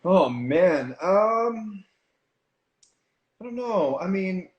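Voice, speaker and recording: A man chatting as an interview guest, telling stories in an animated way with quick asides. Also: high voice, highs cut off. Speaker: guest, stage performer. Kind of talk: casual interview chat. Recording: echoey room.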